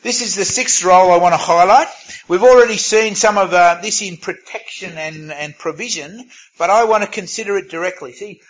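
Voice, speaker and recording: A man's voice: high-pitched, brisk, low-quality recording. Conversational male preacher. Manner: conversational, reads scripture aloud, self-aware asides. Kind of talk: sermon.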